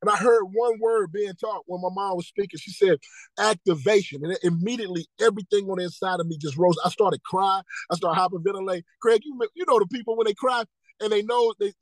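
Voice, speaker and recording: A man with a high voice speaks fairly quickly as a podcast guest and motivational speaker, earnestly telling his life story in a casual interview. He repeats key phrases and acts out dialogue. There is no echo, and the audio is poor.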